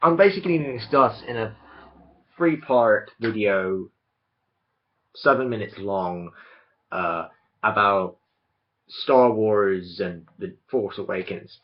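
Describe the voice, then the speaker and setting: A man's voice: lowish voice, slow pace, pauses often. A young man ranting casually to camera about a film franchise, rambling and stopping to restart his sentences. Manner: rambling, self-interrupting, opinionated. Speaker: video blogger. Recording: dull lo-fi recording.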